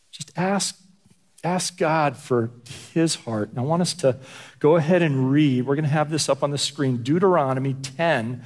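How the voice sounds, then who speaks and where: A man's voice: on the high side, a little mellow. A man preaching a conversational sermon as pastor, often stumbling and repeating words as he talks. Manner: stammering repetitions, conversational.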